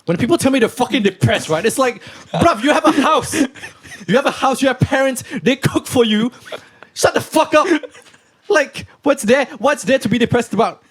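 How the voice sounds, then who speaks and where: A man's voice: extremely high pitch, animated, normal speed, a little hiss or hum, pitched above the performer's own voice. A man putting on a brash macho persona, ranting bluntly and profanely at people who complain. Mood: scornful ranting. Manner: loud, scornful, profane ranting.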